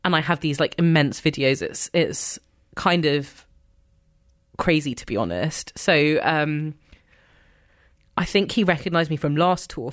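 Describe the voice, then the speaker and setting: A young woman tells a story in lively, excitable bursts. Her pitch swings widely as she acts out what she and others said. She laughs often along the way. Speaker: guest telling a fan story. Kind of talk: animated storytelling in a chat.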